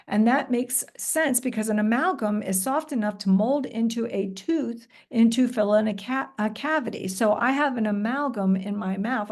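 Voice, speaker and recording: A woman's voice: mid-range voice, darkish tone. A woman presenting a professional development session, modeling patient call-and-response teaching with encouraging praise. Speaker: teacher trainer. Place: recorded presentation.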